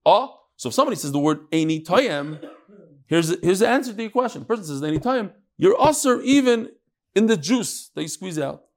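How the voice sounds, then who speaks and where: Middle-aged male Talmud teacher, informal class, a touch high, explains point by point. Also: sing-song. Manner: explains step by step, with quick asides.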